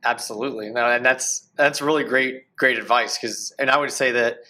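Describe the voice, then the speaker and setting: A man's voice: mid-range voice, steady tone, normal speed, sharp tone. A man hosting a podcast interview, offering brief, encouraging responses. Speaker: podcast host.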